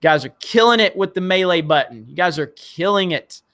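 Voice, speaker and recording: A man's voice: sits high, lively intonation, moderate pace, fairly bright tone. A man from Alabama hosting a live stream, chatty and enthusiastic as he reads out viewer chats. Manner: chatty and enthusiastic, many fillers. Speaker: livestream host reading viewer chats. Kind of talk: casual live-stream chat.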